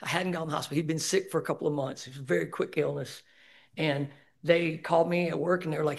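A man speaking candidly at a recovery meeting, sharing his personal story with many halting fillers. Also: a little high, little pitch movement, gravelly. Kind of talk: personal testimony.

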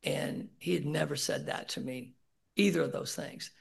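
Gravelly middle-aged man sharing at a meeting. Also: a little high, normal speed. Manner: candid, emotional, swears casually. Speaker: speaker sharing at a recovery meeting. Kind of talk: personal share at a support group. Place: meeting room.

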